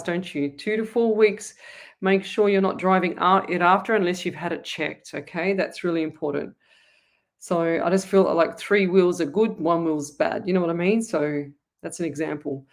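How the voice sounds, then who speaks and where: A woman with an Australian accent hosts a live online psychic reading show. Her voice sits a little low. She talks in a chatty, rambling way and speaks straight to her viewers. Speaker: psychic medium host.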